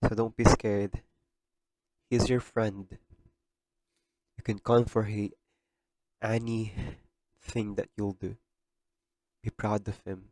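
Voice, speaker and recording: Podcast host, young man, low register, tearful sincerity, dry close mic. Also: level tone, slow, long pauses, a little mellow, no room sound. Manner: emotional, tearful, earnest. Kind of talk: heartfelt podcast monologue.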